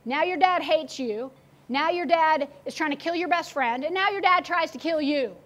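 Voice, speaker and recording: High-voiced woman preaching a sermon. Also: normal speed, muffled recording. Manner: animated storytelling, acting out quotes. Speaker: pastor.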